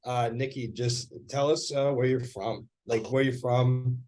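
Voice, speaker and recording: A man's voice: medium pitch, fairly even intonation, unhurried, darkish tone. A young man hosting a podcast, talking casually and rambling, often laughing. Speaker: podcast host. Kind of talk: casual chat.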